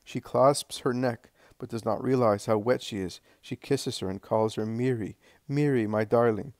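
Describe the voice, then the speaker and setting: A man reading a devotional story aloud in a calm, unhurried way, with the odd slip and restart. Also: medium pitch, no room sound. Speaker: audiobook reader. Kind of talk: devotional scripture-style reading.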